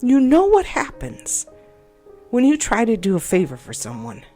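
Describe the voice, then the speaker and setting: A woman's voice: fairly high pitch, huge pitch swings, normal speed, warm tone. A woman telling a personal story in a rambling, upset and exasperated way, full of self-doubting asides. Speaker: game video creator. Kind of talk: personal venting monologue. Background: faint background music.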